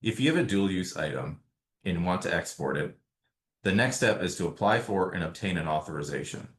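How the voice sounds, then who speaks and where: A man presenting a webinar on export law in a measured, explanatory way, working through slides one by one. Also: sits low, expressive, a bit bright. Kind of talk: prepared legal presentation. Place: remote setting, webinar.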